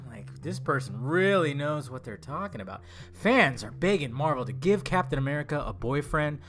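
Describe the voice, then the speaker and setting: A man's voice: a little high, very animated, normal speed, fairly bright tone, faint music behind. A young man ranting sarcastically and angrily with a lot of swearing in a movie commentary vlog. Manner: angry, sarcastic, profane ranting.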